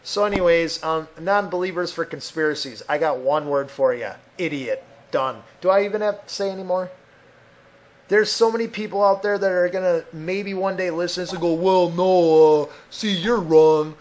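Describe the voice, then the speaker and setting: High-voiced man ranting angrily. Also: brisk, slight background noise. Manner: angry, profane, loud ranting with mocking voices. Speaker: podcast host. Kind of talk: solo rant podcast. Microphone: desk mic at a computer.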